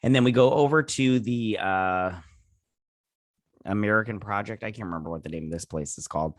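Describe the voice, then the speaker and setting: A man's voice: lowish voice, a little fast, dry recording, clean studio sound. A man casually recapping a TV episode as host, rambling with lots of fillers and often forgetting names. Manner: rambling, loose and filler-heavy, often losing track of names. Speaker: show reviewer and host.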